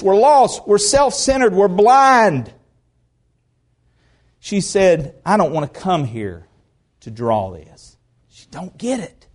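Animated high-pitched male preacher. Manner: animated, conversational, repeats phrases for emphasis. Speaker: pastor. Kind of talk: sermon. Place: church service.

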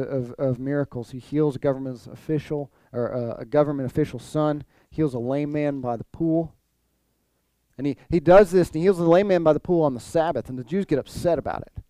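Male pastor, animated sermon delivery, mellow tone, dry close sound. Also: fairly high pitch, dry recording. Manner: animated, acts out quoted voices, repeats phrases.

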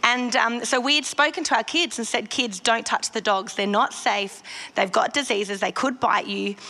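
A woman's voice: a little high, sharp tone. A woman giving an earnest devotional sermon, stressing points by repeating phrases. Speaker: Christian devotional speaker.

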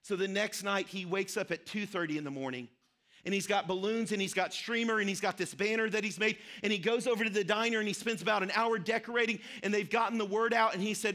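A man's voice: high-pitched, fairly quick, pushed and bright. A man preaching a sermon, telling a story earnestly and repeating key phrases for emphasis. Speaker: pastor.

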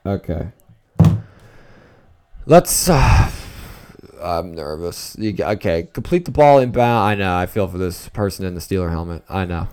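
A man podcasting alone, reacting casually to a live football game as he watches, rambling and excitable, dropping to nervous mutters and jumping to outbursts. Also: sits low, normal speed, clean tone. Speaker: solo podcaster. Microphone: talking into a microphone at home late at night.

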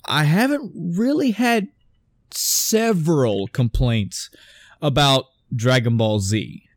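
A man's voice: on the high side, slow pace, dry recording. A man in casual chat on a podcast, rambling through stories with lots of restarts and asides. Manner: rambling, animated storytelling with many restarts.

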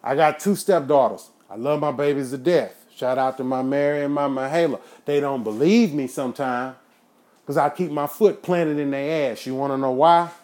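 A man hosting his own show, ranting in a profane, preachy monologue that flares into shouting. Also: mid-range voice, normal speed. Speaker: podcast host.

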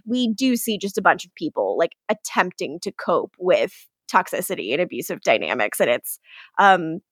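A woman's voice: lowish voice, normal speed, slightly rough, dry recording, studio quality. A woman co-hosting a podcast, recapping a TV episode in casual chat, laughing and swearing often. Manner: giggly, profane, animated retelling. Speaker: podcast co-host.

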